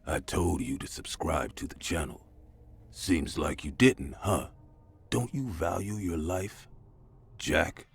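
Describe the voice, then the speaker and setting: A man voicing a creepy, menacing male stalker with a coarse, hushed voice, speaking slowly and threateningly. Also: low-pitched, vocal fry, husky, exaggerated voice. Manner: slow, threatening, drawn-out.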